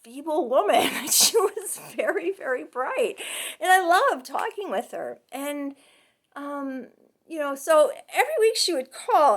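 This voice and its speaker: A woman's voice: on the high side, fairly bright tone. A middle-aged woman from Canada giving a class case presentation as a counseling student, chatty and full of fillers, laughing often.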